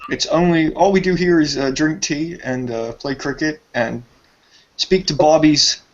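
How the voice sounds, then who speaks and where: A man's voice: a little high, measured pace. Swearing, rambling male caller, muffled. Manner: rambling, joking, swears a lot. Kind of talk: crude casual banter.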